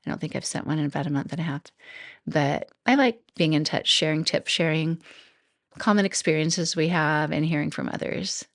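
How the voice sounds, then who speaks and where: A middle-aged woman hosting a solo podcast, talking casually, thinking out loud and laughing often. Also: low-pitched, normal speed, no room sound, studio quality. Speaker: podcast host and coach.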